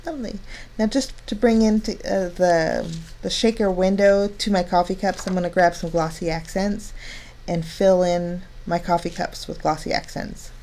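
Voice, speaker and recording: A woman's voice: lowish voice, fairly even intonation, moderate pace, darkish tone. Cheerful woman narrating a card-making tutorial. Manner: chatty, step-by-step, delighted.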